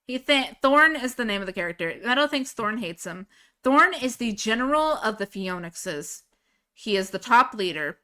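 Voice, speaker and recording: Bright-voiced excitable woman streamer. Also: on the high side, moderate pace. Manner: excitable, swears, laughs often. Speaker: livestreamer. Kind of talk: casual chat.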